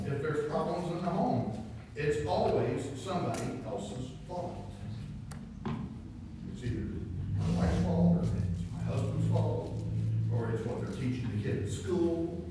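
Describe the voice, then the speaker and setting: A man preaches in a folksy, storytelling way, building to emphatic points. His slightly high voice rings through a church hall, picked up from a distance with a long, echoing tail. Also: expressive, measured pace, noisy background. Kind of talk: sermon. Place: church sanctuary.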